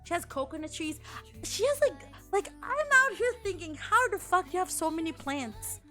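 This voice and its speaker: Brief: young woman streamer, chatty and profane, bright high voice. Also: animated, normal speed, faint music behind. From Philippines. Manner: chatty, swears a lot, restarts and acts out quotes. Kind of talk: casual chat.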